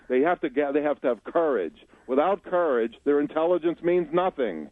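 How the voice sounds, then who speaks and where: Male radio guest, phone line, assertive, lecturing, animated pitch. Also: moderate pace, no room sound. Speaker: guest on a radio talk show. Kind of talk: opinionated call-in commentary.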